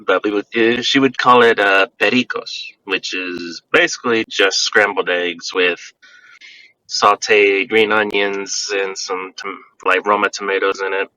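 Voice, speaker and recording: A man from Georgia calling in to a podcast, chatting casually in a rambling, relaxed way. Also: on the low side, a little slow, far from the mic, rough recording. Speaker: caller. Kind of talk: casual phone-in chat.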